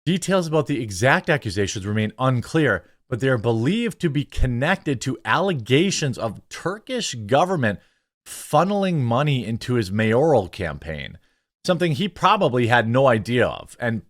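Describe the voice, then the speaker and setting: A man hosts a political commentary show, reading news stories aloud and breaking in with sarcastic, opinionated remarks. His voice sits at an ordinary middle pitch. The sound is dry and close, with almost no room around it. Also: sing-song, moderate pace, dry recording. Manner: sarcastic, opinionated asides between quoted passages.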